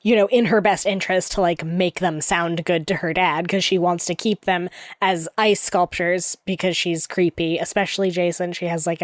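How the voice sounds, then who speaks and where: A woman's voice: medium pitch, no room sound, clean studio sound. A woman co-hosting a podcast, chatting casually about a book with lots of fillers and rambling asides. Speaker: podcast co-host. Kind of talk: casual book discussion chat.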